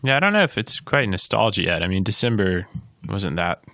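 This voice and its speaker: A man's voice: on the low side, lively intonation, a little fast, creaky, sharp tone, dry recording, clean studio sound. A man co-hosting a casual podcast chat, rambling and joking with many restarts. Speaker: podcast co-host.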